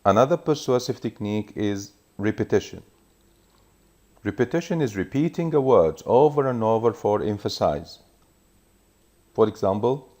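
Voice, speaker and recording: A man teaching a recorded revision lesson, explaining each point in a measured way and reading examples aloud. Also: fairly low pitch, lively intonation, a little mellow.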